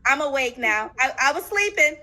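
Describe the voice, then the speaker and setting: A woman's voice: high voice, animated, normal speed, bright, forceful tone, low-quality recording. A woman guest in an interview, telling her story casually and animatedly, acting out quotes with many fillers.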